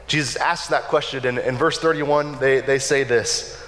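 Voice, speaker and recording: A man preaching a sermon in a relaxed, conversational way, often checking in with "right?". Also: medium pitch, moderate pace. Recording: long hall reverb.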